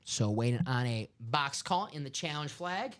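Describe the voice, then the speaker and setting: A man hosting a live sports card break stream, chatting casually and excitably with lots of fillers. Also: medium pitch, moderate pace.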